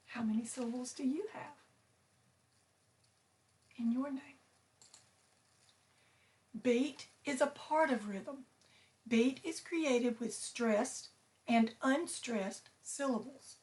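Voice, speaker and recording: A woman teacher reading a picture book aloud to her students, slow and clear, stressing each syllable. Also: sits high, a little mellow.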